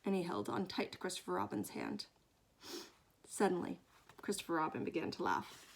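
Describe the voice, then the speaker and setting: A woman reading a children's book aloud, expressive and fond, often dropping into hushed whispers. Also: on the low side, normal speed, creaky, slightly rough. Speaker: storyteller.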